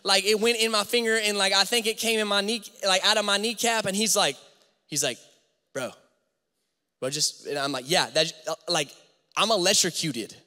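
A young man in his twenties speaks as a youth pastor, talking straight to teenagers in an animated, slangy style. His voice is a little higher than most men's and bright and forceful. It rings out with long reverb from a large church hall. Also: normal speed, pauses often. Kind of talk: youth service talk with storytelling.

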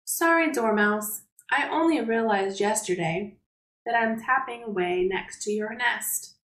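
A woman's voice: a little high, measured pace, fairly bright tone, roomy sound, rough recording. Woman reading as a considerate storybook woodpecker. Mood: apologetic. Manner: reads the letter aloud.

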